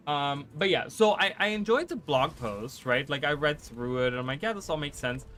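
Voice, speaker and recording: A man streaming live gameplay who chats fast and rambles, often restarting his sentences. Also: mid-range voice, fairly bright tone. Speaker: gaming streamer.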